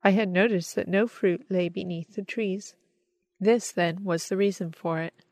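A woman reading a story aloud as narrator, in a measured, expressive storytelling manner. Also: mid-range voice, no room sound. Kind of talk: scripted audiobook narration.

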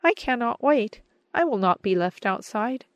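A woman's voice: mid-range voice, expressive, moderate pace, no room sound, close to an everyday voice. A woman reading as an eager younger sister. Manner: eager and wistful.

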